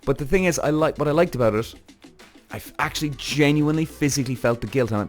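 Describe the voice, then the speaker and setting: A man hosting a podcast in a casual monologue, animated, swearing freely and acting out his own thoughts. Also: a little high, quick pace, soft background music. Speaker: podcast host.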